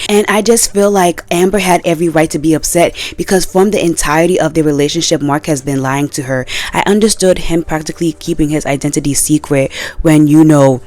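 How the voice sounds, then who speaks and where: A woman giving casual commentary in a vlog, animated and exasperated, full of slang. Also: low voice, brisk. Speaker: video creator.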